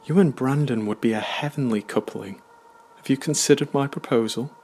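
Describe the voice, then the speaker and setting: A man's voice: medium pitch, steady tone, unhurried, creaky, a little hiss or hum. A man voicing an overbearing, gushing middle-aged village mother in a horror story reading. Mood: pushy gushing. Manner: jubilant, overbearing.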